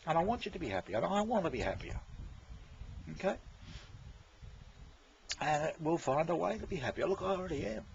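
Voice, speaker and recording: A man's voice: on the high side, very animated, brisk, creaky, long pauses. Rambling man vlogging, dull lo-fi sound. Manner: rambling, repeats himself, swears, chuckles. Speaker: vlogger talking to viewers. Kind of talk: casual rambling monologue. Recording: dull lo-fi with faint noise.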